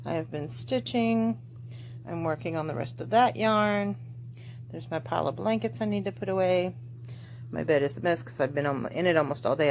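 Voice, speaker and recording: A woman's voice: sits low, a little hiss or hum. A woman in her forties with a Southern US accent, rambling casually to her viewers from home about her day, with plenty of fillers. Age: 40s. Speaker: crafting vlogger. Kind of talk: casual vlog chat. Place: at home, indoors. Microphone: tablet or phone camera.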